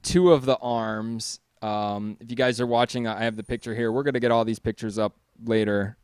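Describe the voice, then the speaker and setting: Chill guy co-host, smooth clear voice, pretty excited, dry sound. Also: mid-range voice, normal speed, dry recording. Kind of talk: casual chat.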